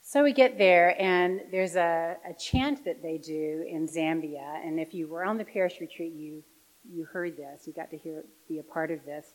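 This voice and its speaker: A woman giving a parish talk about her volunteer work as an audiologist. She tells her story with animation and drops soft and quiet for the serious moments. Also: deep voice, steady tone, normal speed, low-quality recording.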